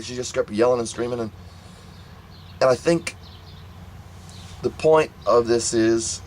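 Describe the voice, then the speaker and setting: A man's voice: mid-range voice, a little slow, pauses often, a little mellow, slight background noise, low-quality recording. A man telling a family story in a rambling, casual monologue, full of repeats and restarts. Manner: rambling, repetitive, many restarts.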